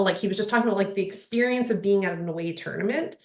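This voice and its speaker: A woman's voice: mid-range voice, rapid-fire. A woman speaking on a panel in casual conversation, earnest and rambling, with lots of "like" and "you know". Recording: roomy echo.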